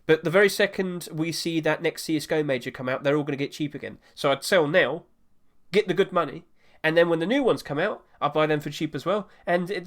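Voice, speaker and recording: A gaming market commentator talks casually by himself about market prices, his voice on the high side and a bit bright. He's chatty and rambles a little, correcting himself as he goes.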